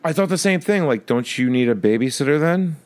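A man's voice: fairly high pitch, animated, brisk, a little mellow. A man co-hosting a podcast, joking casually about a movie and slipping into silly voices now and then. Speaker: podcast co-host.

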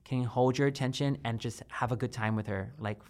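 A man's voice: medium pitch, fairly even intonation, brisk, a little mellow. A man co-hosting a casual chat podcast, rambling and candid, swearing casually. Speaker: podcast co-host.

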